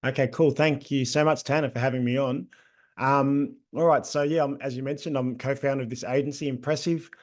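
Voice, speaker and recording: A middle-aged Australian man getting over a cold, a guest talking about his agency in a relaxed, chatty way with many ums. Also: mid-range voice, a little fast. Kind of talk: casual interview talk.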